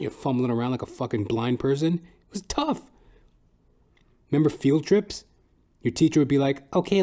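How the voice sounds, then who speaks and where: A man hosting a comedy podcast, rambling and swearing through a solo monologue. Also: mellow. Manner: profane, rambling, jumps into high silly voices. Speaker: podcast host.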